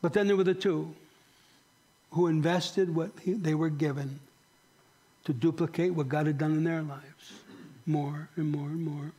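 A male pastor delivers a sermon in a church sanctuary, speaking with earnest conviction. His voice sits a little high for a man. He keeps turning to the congregation with direct questions. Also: fairly even intonation, a little slow, mellow, breathy edge.

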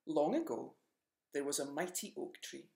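A storyteller reading a children's picture book aloud in a gentle, expressive way. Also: mid-range voice, normal speed, creaky, roomy sound.

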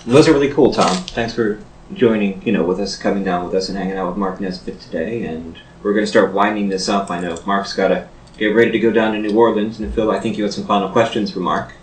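A man's voice: lowish voice, quick pace, far from the mic, noisy background. A man hosting a casual interview inside a shop, rambling and digressive as he sets up each clip. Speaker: host. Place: shop, indoors. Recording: roomy, off-mic.

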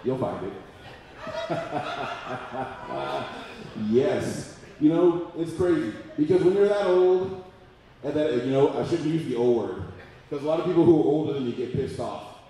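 A man in his forties doing a loud, profane stand-up comedy routine at a live venue. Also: mid-range voice, animated, unhurried. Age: 40s. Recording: echoey room, mic far off, audience noise.

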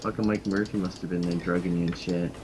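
Ranting irish gamer on noisy voice chat. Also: male voice, level tone, fast. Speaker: gamer raging over voice chat. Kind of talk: casual profane gaming chat. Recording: loud noisy low-quality voice chat.

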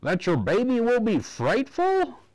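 A man reading a storybook aloud, voicing a fussy, half-blind old doctor in a high, drawn-out voice. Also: huge pitch swings, a little mellow, dry recording, heavily acted.

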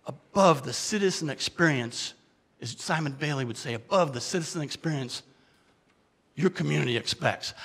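Giving a keynote as dramatic storytelling, a man speaks in a bright, forceful, slightly high and husky voice, directly questioning the audience. He swings between loud, urgent bursts and hushed confessions, with a big-room sound.

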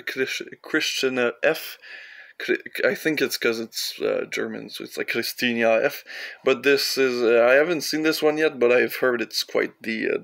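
A man's voice: mid-range voice, gravelly, a bit bright. A young man from Canada rambling casually through his film collection, with offhand, profane asides.

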